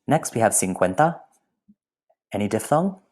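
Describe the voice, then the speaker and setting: A man's voice: fairly low pitch, very animated, moderate pace, darkish tone. Playful man teaching a language lesson. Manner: playful, with whispered asides. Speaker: Spanish teacher.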